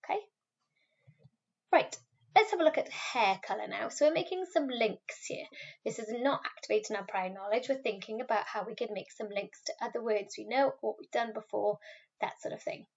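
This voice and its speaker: A woman teacher talks pupils through a recorded French lesson, pausing to model words slowly and clearly. Her voice sits a little high. The recording is somewhat dull and lo-fi. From Wales. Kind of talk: recorded classroom video lesson.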